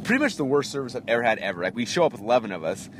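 A man in his thirties hosting a podcast, telling a story in a casual, animated way and acting out the people in it. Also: medium pitch, very fast, background noise. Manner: animated, acts out voices in anecdotes. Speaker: podcast host.

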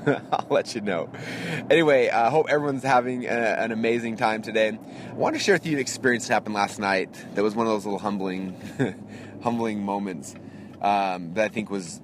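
A man in his thirties hosting a podcast, telling a story in a casual, animated way and acting out the people in it. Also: fairly low pitch, background noise. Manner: animated, acts out voices in anecdotes. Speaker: podcast host.

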